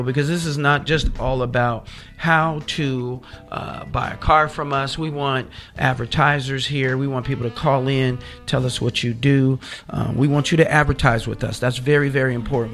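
This middle-aged radio host has a medium-pitched voice with a fairly bright tone. His talk is casual and chatty, full of playful stories, and he addresses his audience directly.

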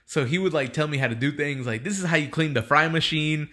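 Young man, fairly high voice, very bright tone, casual rambling storyteller, swears a lot. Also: fast. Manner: rambling and profane, heavy use of "like".

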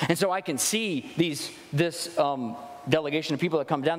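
A male pastor preaching in a relaxed, conversational way, acting out the questions he quotes. His voice sits a little high for a man. A long reverb trails behind each phrase, as in a large hall. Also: normal speed. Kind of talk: sermon.

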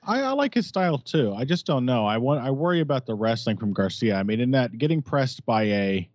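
A man's voice: mid-range voice, big pitch swings, fairly quick, dry recording. Man talking fights, dull dry recording. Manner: joking, hedging, loose. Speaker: podcast co-host. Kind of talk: casual fight-analysis chat.

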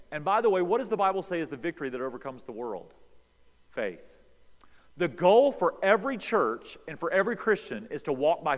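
A man preaching a sermon as pastor, with an emphatic, storytelling delivery, recorded in a church sanctuary. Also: a little high. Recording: reverberant hall.

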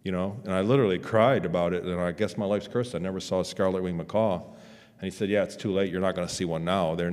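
A man's voice: sits low, darkish tone. A man speaking at a conference, telling a personal story in a rambling, candid way with restarts and casual swearing. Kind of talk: storytelling talk. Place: conference hall. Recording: long hall reverb.

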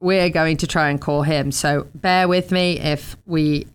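English woman host, smooth clear voice, easy chatty delivery. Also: low-pitched, steady tone, measured pace. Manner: chatty, laughs often. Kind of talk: casual talk show chat.

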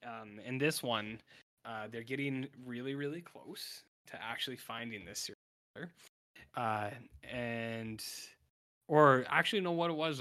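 A man's voice: mid-range voice, bright, forceful tone. A man co-hosting a podcast, rambling through an episode recap and acting out the characters' lines. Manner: rambling, self-interrupting, acts out characters' lines. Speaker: podcast co-host. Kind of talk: casual episode recap chat.

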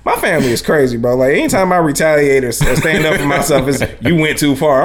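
A man's voice: a little high, animated, fast, a crowd in the background. A man co-hosting a podcast, rambling with many fillers and often laughing in casual chat. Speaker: podcast co-host.

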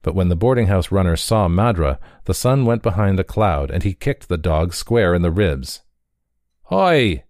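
Deep-voiced male audiobook reader. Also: moderate pace, few pauses, darkish tone, no room sound, studio quality. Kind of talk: audiobook narration.

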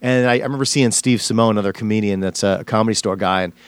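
A male stand-up comedian, appearing as a guest on a podcast interview, tells a casual story in a fairly low, fairly even voice. He talks very fast and smoothly, rambling emotionally with lots of fillers and restarts. The recording is dry and close.

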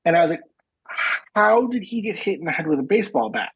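A man in his thirties spins a profane, animated story on a podcast and voices every person in it. His voice is rough and husky and sits a little high. The sound is close and dry. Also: quick pace, no room sound, lo-fi sound. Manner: profane, animated retelling with quoted dialogue. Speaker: podcast co-host. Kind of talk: casual comedic storytelling.

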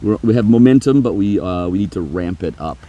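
Deep-voiced storytelling man, dark tone. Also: fairly quick, highs cut off. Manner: lively storyteller, laughs, acts out quotes. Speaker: podcast host. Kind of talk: casual conversation, storytelling.

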